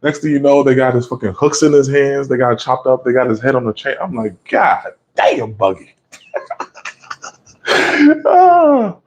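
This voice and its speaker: A man's voice: medium pitch, moderate pace, long pauses, poor audio. A man with a mid-range voice recapping an anime episode in a loose, conversational way. He laughs often, swears freely and acts out the scenes as he tells them. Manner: laughing, profane, animated retelling.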